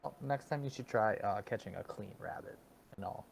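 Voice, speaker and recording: Gravelly-voiced man playing a tabletop game. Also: on the low side, moderate pace, slight background noise. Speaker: player. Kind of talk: casual tabletop role-play.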